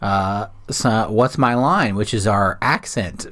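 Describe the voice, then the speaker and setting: A man hosting a comedy podcast, jokey and animated, running the segments with quick asides and swearing. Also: lowish voice. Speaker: podcast host. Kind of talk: casual comedy podcast chat.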